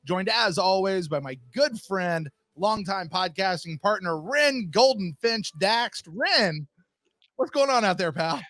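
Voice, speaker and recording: A man's voice: high voice, a little slow, no echo, studio quality. A man hosting a sports fan podcast in casual chat, telling stories and acting out the voices in them. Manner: animated storyteller, acts out voices in anecdotes. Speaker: podcast host.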